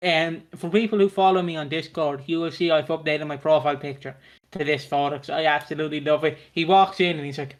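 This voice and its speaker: A man's voice: a little high, fairly even intonation, a little fast. Chatty man recapping a soap. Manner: chatty, laughing, swearing, acts out characters' lines. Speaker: podcast co-host recapping a soap opera. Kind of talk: casual chat.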